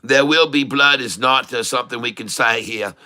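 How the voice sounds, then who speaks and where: A man's voice: mid-range voice, moderate pace, sharp tone, smooth. A man hosting a casual day-trading livestream, talking in a folksy, joking, rambling way.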